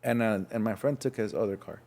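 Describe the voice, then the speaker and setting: Young adult man from Los Angeles, podcast guest, frank halting storyteller. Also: fairly low pitch, darkish tone. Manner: frank, halting, acts out voices in his story. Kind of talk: casual storytelling.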